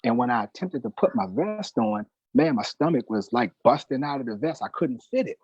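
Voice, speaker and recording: A man's voice: medium pitch, expressive, fairly quick, darkish tone, slightly rough, dry recording, highs cut off. A middle-aged man telling a personal testimony in an emphatic, preacher-like way, often calling the host brother. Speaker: guest, newspaper manager.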